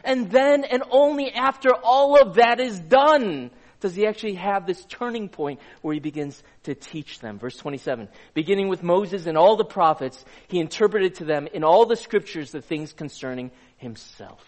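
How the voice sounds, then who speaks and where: Man, high-pitched, preaching, conversational, quizzes the audience, live congregation. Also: expressive, normal speed, few pauses. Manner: conversational, asks the audience questions. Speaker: pastor. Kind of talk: sermon.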